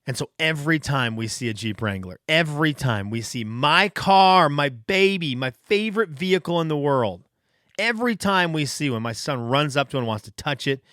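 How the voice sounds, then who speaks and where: A man hosting his own podcast, telling stories in a casual, animated, self-deprecating way. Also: on the high side, normal speed, no echo, clean studio sound. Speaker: podcast host. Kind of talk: casual storytelling monologue.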